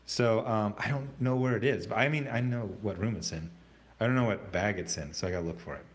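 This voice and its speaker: A man hosting a casual livestream, reading out chat comments in a rambling, halting way with many fillers and restarts. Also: fairly low pitch.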